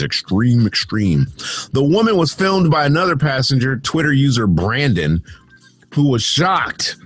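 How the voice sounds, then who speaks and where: A man's voice: mid-range voice, breathy edge. A man hosting a casual news show from his home studio, reading odd stories and breaking off into sarcastic, rambling asides. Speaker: podcast host reading news.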